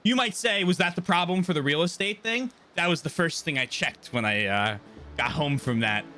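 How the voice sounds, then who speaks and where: Bright-voiced young male streamer. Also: fairly high pitch, moderate pace, soft background music. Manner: animated storyteller, swears and laughs often. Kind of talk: casual chat during a live game stream.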